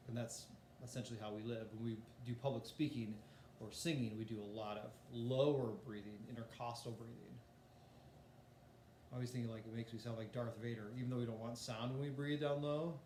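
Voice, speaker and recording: A man's voice: medium pitch, darkish tone, echoey room, slight background noise. A man teaching a voice lesson in a casual, explanatory way, demonstrating breathing and singing exercises. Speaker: music teacher.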